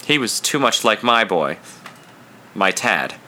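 A man reading a first-person story aloud in an intense, confessional, measured narration. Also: on the low side, very animated, bright, forceful tone, a little hiss or hum. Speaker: audiobook reader.

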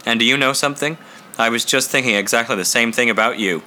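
A man's voice: mid-range voice, fast talker, bright, forceful tone, a little hiss or hum. A man doing an easygoing friendly young guy.

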